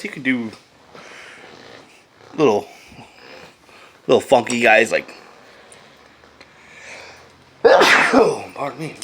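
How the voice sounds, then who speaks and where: A man casually chatting to camera as a vlogger, loose, profane and enthusiastic, often dropping to a hush. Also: medium pitch, slightly rough. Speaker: vlogger reviewing beer and vape pairings.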